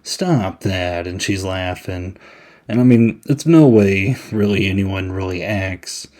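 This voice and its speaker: Low-voiced man hosting a rambling podcast review. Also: unhurried, darkish tone. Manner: chatty and rambling, with many "I mean"s. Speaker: podcast host. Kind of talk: casual movie review.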